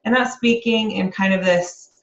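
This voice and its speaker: A woman's voice: medium pitch, normal speed. A middle-aged woman, a real estate agent, giving an upbeat, encouraging motivational talk to the camera. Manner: upbeat and encouraging, breaks into laughter. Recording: roomy, slightly dull lo-fi sound.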